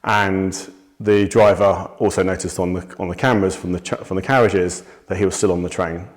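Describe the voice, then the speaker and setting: A man with a deep, low voice tells of something that happened to him. He speaks in a measured, steady way, with a few small restarts as he thinks. The delivery stays plain and unhurried throughout. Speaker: witness giving a testimony. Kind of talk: recounting a personal incident to camera.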